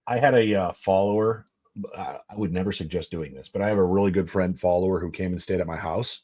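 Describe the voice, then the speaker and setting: A man's voice: low-pitched, quick pace, mellow. A man co-hosting a podcast from a basement, rambling through casual, profane stories. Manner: rambling, profane, laid-back storyteller. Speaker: podcast co-host. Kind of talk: casual chat.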